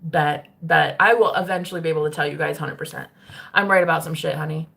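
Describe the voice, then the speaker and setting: A woman's voice: low voice, fast talker, gravelly, fairly bright tone. A young adult woman talking casually to her stream viewers, chatty and swearing freely. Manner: chatty, swearing, laughing often. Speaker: spiritual streamer.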